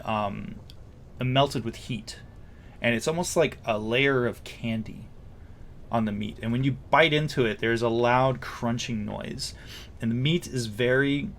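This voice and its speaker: A man narrating a tabletop game as game master, describing scenes with many pauses and fillers. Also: medium pitch, fairly bright tone, slight background noise.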